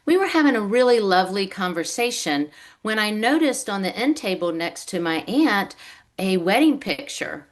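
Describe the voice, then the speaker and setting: A woman's voice: medium pitch, very animated, moderate pace. A woman author speaking over a video call, telling her family's story in a storytelling way and acting out what her relatives said. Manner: storytelling, acts out quoted relatives. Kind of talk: reading prepared remarks on a video call.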